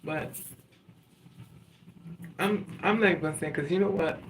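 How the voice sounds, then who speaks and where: A man's voice: fairly high pitch, moderate pace. A man talking casually in a rambling, profane monologue, telling stories and venting about love. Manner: rambling, profane, animated storytelling. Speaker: vlogger. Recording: distant mic with loud background noise.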